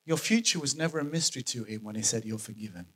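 A man preaching a sermon, animated and emphatic, repeating his key phrases for effect. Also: fairly high pitch, quick pace.

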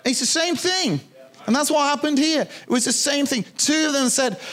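A man's voice: very high voice, moderate pace, a bit bright. A man preaching a sermon in a conversational way, repeating key phrases for emphasis. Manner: jokes with the congregation.

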